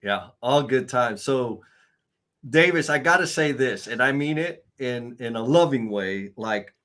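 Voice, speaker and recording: A man's voice: mid-range voice, lively intonation, a little slow, a bit bright. A man hosting an online conference, hyped and enthusiastic, cheering on the speaker. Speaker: host.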